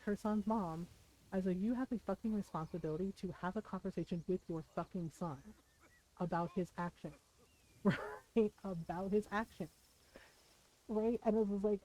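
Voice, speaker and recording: A woman's voice: mid-range voice, warm tone, poor audio. A middle-aged woman streamer telling a personal story in casual chat while she plays, frank and full of swearing, laughing between lines.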